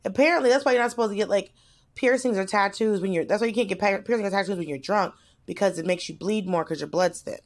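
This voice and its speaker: A woman chats casually on a podcast and tells a story with lively expression. Her voice moves up and down as she talks. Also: mid-range voice, fast talker. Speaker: podcast co-host.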